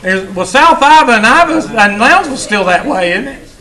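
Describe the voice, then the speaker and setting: A man's voice: very high voice, animated, moderate pace, sharp tone, low-quality recording. A man, a college instructor talking casually and teasing his class in a classroom. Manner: folksy, teasing storyteller.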